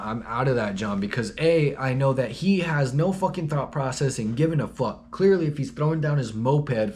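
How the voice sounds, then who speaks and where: A man's voice: mid-range voice, slight background noise. A young man telling a story in a rambling, slangy, profane, laid-back way. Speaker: vlogger. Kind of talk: casual storytelling.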